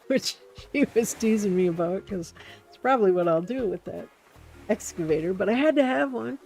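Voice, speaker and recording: A woman hosting a relaxed gameplay stream, chatting and telling rambling stories as she plays. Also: mid-range voice, normal speed. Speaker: game streamer host. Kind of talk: casual gameplay commentary. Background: soft game music.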